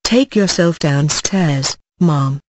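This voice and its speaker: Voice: medium pitch, slow pace, no room sound, natural voice. A reader voicing a pompous, stern middle-aged male parish beadle who blusters with indignation.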